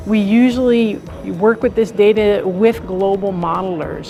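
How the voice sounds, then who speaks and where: A woman scientist with a West Coast American accent, patiently explaining her mission's data in an interview. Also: medium pitch.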